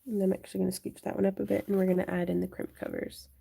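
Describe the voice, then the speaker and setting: A woman's voice: medium pitch, little pitch movement, rapid-fire, creaky, mellow, slightly rough. A young woman hosting a craft livestream, chatting casually and answering viewers while she works. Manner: chatty, thinks aloud and answers viewer chat.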